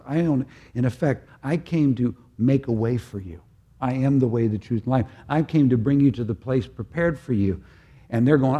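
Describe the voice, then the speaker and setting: An older man preaching a sermon in an earnest, halting way, often restarting his phrases. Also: mid-range voice, warm tone, husky.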